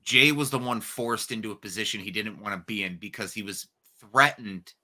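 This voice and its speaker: A young adult man co-hosting a casual wrestling podcast, telling the story with excited, profane energy. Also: fairly low pitch, brisk. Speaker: podcast co-host.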